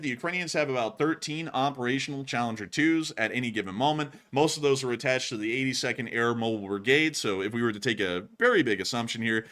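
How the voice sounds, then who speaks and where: Bright-voiced male war news host. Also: medium pitch. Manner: conversational analysis with occasional stumbles. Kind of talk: war news commentary over a map.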